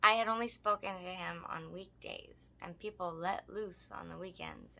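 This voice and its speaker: A woman's voice: on the low side, normal speed, gravelly, few pauses, pushed and bright. A woman co-hosting a podcast, telling a story in casual chat, blunt and profane, often breaking into laughter. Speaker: podcast co-host.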